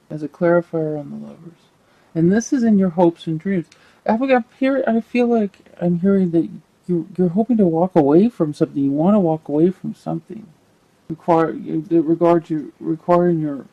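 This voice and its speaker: A man giving a casual tarot reading, thinking aloud in a halting, rambling way with many repeated words. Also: on the high side, vocal fry, lo-fi sound. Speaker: tarot reader.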